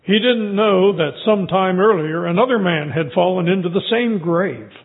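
A man preaching a sermon, reading scripture and telling stories in a measured way. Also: high voice. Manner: measured storytelling delivery. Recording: tinny phone-like sound.

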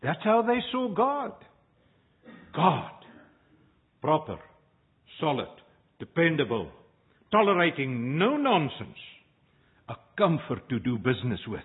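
Male pastor, high husky voice, unhurried sermon delivery, tinny lo-fi sound. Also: wildly swooping pitch. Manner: slow, measured preaching with dramatic pauses.

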